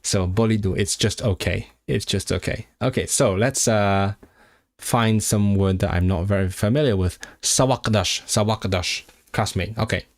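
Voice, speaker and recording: At a moderate pace and fairly low pitch, a man streams his language practice live. He thinks aloud, using fillers and restarts, and carefully repeats newly learned foreign phrases.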